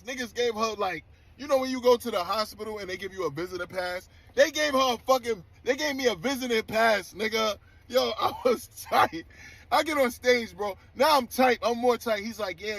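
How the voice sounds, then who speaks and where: A man with a high, light voice tells a backstage story in rough street slang. He talks in a loose, animated, profane way, quick to get worked up. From New York. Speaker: DJ telling a story. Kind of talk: casual storytelling clip.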